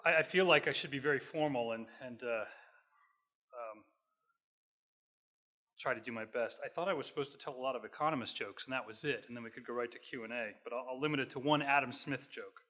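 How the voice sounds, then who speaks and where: A middle-aged man giving a talk as an economist at a hotel event, relaxed and self-deprecating, with halting restarts and jokes. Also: mid-range voice. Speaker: guest speaker, economist. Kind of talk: public lecture with jokes.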